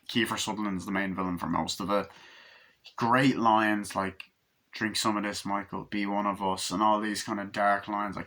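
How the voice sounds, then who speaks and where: A man giving a rambling, excited movie review, swearing constantly as he recounts scenes. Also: fairly low pitch. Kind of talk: casual movie review monologue.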